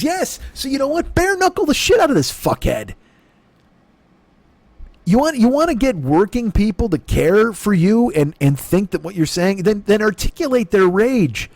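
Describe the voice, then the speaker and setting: A man rants in a sarcastic, profane comedy monologue. His pitch is a little high and swings widely as he gets worked up. The recording is close and very dry. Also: big pitch swings, normal speed, darkish tone, dry recording. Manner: angry, profane, sarcastic ranting. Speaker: comedian and podcast host. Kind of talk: profane comic rant.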